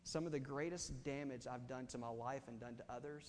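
A pastor preaching in a reverberant hall. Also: male voice, mid-range voice, steady tone, a little fast, slight background noise. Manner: impassioned, swings from hushed to loud. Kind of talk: sermon. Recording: reverberant hall, faint ambience.

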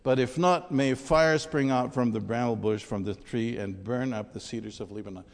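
A man's voice: mid-range voice, normal speed, lightly acted. A man reading the part of a proud, threatening thorn tree in a fable during a sermon, in a hall with a long reverb. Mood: menacing.

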